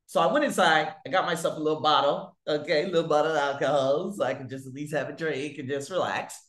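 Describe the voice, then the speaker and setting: A man telling stories to his viewers in a casual monologue, swearing freely and swinging widely in pitch and loudness. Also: fast talker. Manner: profane, animated, big swings in pitch and loudness. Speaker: vlogger. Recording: echoey room.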